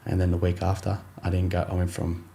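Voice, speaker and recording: Deep-voiced Australian footballer telling his story. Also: monotone, fast talker, creaky, mellow, slight background noise. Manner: rambling, many fillers and restarts, acts out his coach in quotes. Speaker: rugby league player, podcast guest. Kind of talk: casual storytelling interview.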